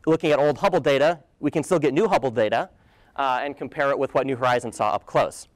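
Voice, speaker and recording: Speaking at a quick clip in a mid-range voice, this young adult man presents a slide talk as a guest lecturer in a lecture hall. He's eager and relaxed, with playful side comments and the odd filler, captured in a dry recording.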